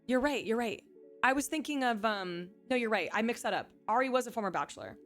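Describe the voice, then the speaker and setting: A woman's voice: on the high side, lively intonation, fairly quick, soft background music. A woman chatting casually on a livestream, a former reality show contestant who keeps reacting to viewers' chat messages. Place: home streaming setup, faint music behind.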